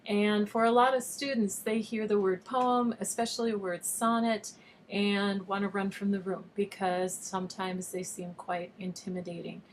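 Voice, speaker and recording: A woman teacher talks through a recorded video lesson in a patient, explanatory way. Her pitch sits in an ordinary middle range. A faint hiss of background noise runs under her voice. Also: flat delivery, normal speed. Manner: patient, explanatory, reads verse with overstressed rhythm. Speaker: online high school teacher.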